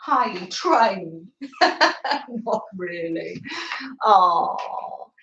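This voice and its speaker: A woman's voice: mid-range voice, lively intonation, extremely slow, fairly bright tone, slight background noise. A woman hosting a live craft stream from her home craft room, rambling and laughing at herself and cooing fondly at her dog. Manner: rambling, self-mocking, laughs often, coos at her dog. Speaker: craft livestream host. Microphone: streaming camera on the table. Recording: roomy, slightly dull home stream.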